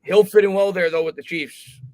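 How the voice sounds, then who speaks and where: A man hosting a live sports talk stream, his voice sitting a little above the usual male pitch. He reads viewer comments aloud and talks things through with restarts and fillers, recorded close and dry. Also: steady tone, normal speed, a little mellow, no room sound. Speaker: host.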